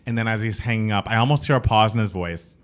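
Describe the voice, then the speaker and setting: A young man co-hosting a casual podcast, telling stories with lively acted-out quotes. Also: on the low side, quick pace, clean tone. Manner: animated storyteller, acts out quoted voices. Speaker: podcast co-host. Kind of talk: casual chat.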